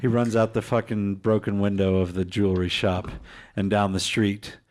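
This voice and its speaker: A man's voice: lowish voice, flat delivery, moderate pace, a little mellow, a little hiss or hum. Man gleefully narrating a game. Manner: gleeful, profane. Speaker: player.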